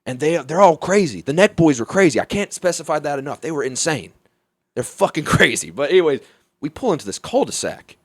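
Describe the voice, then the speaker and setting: Animated man telling a profane story. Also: a little high, fairly quick, no echo. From Mobile, Alabama, US. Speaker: guest comedian. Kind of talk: casual storytelling.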